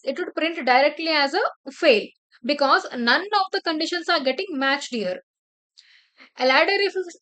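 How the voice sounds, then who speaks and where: A woman with a high voice walks through a coding tutorial one step at a time. She talks at a desk mic and keeps checking that her listeners follow along. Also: bright, forceful tone. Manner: explains step by step, often checks with "right?" and "clear?". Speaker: programming teacher. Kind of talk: screen-share coding tutorial.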